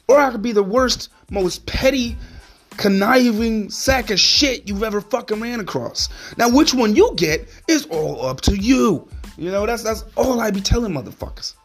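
A man hosting a solo podcast, ranting in a heated, profane, rambling way. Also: sits high. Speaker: podcast host.

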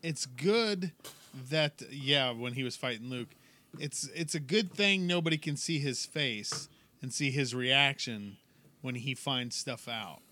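A man's voice: mid-range voice, a little slow, sharp tone, a little hiss or hum. A man chatting casually on a podcast in an easygoing way, laughing along and chiming in. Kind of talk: casual chat.

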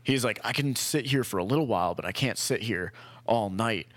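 A man's voice: on the low side, fairly quick, fairly bright tone, no echo. Rambling young man telling a story. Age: young adult. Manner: rambling, swears freely, acts out quotes. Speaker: storyteller in casual chat. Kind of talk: casual chat.

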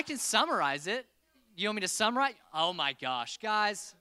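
Lively, bright-voiced young male preacher. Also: high voice, normal speed, clean tone, no echo. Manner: playful, joking with the crowd. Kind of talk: casual sermon.

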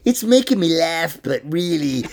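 A man riffs through loose podcast banter, cracking crude jokes and laughing as he goes. His voice is gravelly, and his pitch leaps all over the place. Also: very animated, measured pace, a little mellow. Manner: joking, profane, laughs often. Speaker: podcast co-host.

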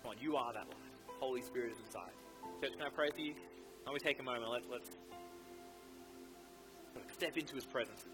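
A man's voice: mid-range voice, a little fast, long pauses, music in the background, low-quality recording. A male pastor preaching a sermon in a church, fervent and exhorting, urging his listeners on again and again. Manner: fervent, exhorting, repeats "come on".

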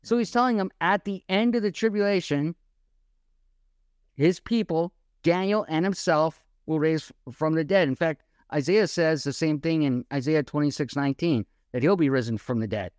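A man co-hosting a Bible-teaching podcast, animated and firing off rhetorical questions. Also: a little high, moderate pace, clean tone, no echo, clean studio sound. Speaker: podcast co-host.

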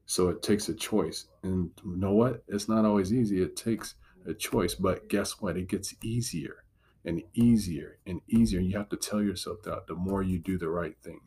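A man's voice: sits low, normal speed, dark tone, slightly rough. A man giving a devotional teaching talk as a Christian motivational speaker, earnest and encouraging, driving points home with repetition.

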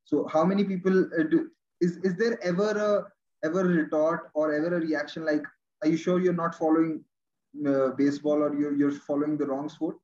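Halting host on dull lo-fi audio. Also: male voice, on the high side, little pitch movement, a little mellow. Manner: halting, repeats words while forming questions. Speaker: show host interviewing a guest. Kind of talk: interview hosting.

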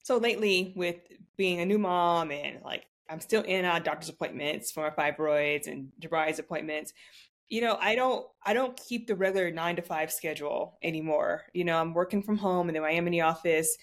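A young adult woman co-hosting a podcast, chatting casually, animated and profane, laughing often. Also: on the low side, fairly quick. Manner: animated, swearing, laughs a lot. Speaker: podcast co-host. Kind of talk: casual chat.

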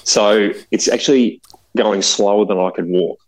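A man's voice: fairly low pitch, moderate pace, rough recording. An Australian man co-hosting a podcast, telling a funny anecdote in casual chat over a remote call. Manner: animated anecdotal storyteller. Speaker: podcast co-host. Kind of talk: casual storytelling.

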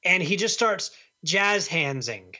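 A man's voice: high-pitched, expressive, slow pace, sharp tone, a little hiss or hum. A man co-hosting a movie podcast, chatting casually and rambling, with many restarts and repeated words. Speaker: podcast co-host reviewing movies. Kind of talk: casual chat.

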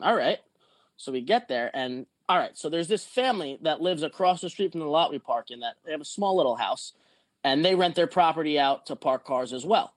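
A man's voice: a little high, lively intonation, brisk, no room sound. A man telling a rambling, profane story in a casual podcast chat. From not from Jersey or Pennsylvania.

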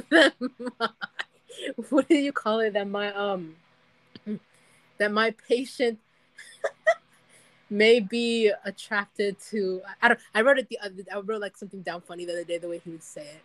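A woman's voice: medium pitch, brisk, a bit bright, dry recording, low-quality recording. A woman co-hosting a casual chat, giggling often and rambling as she loses her thread. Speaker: podcast co-host.

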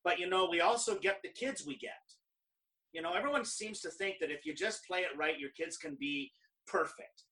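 A middle-aged man from Canada, a professional speaker, telling stories in an animated, conversational way and acting out other people's lines. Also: high voice, moderate pace, far from the mic, rough recording. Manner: animated, quotes others in lively dialogue. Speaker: guest speaker. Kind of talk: conversational storytelling.

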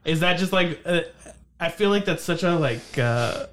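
A young man chatting casually as podcast co-host, quick to laugh and lively in his storytelling. His voice sits a bit high for a man, and he drops into silly character voices. A faint hiss runs under the recording. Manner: animated, laughing, does goofy voices. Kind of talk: casual chat.

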